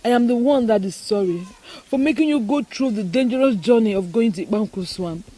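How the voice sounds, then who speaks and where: A woman's voice: on the high side, brisk, dark tone, natural voice, low-quality recording. Woman playing an anxious grateful village girl. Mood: apologetic. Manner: emotional, pleading. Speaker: actress. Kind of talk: Nollywood film acting. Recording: film audio with music.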